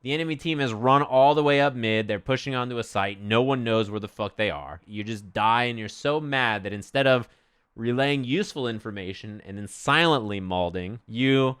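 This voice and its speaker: Bright, crisp-voiced male streamer. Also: medium pitch, moderate pace. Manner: animated, swears freely, acts out quotes. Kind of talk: casual stream chat.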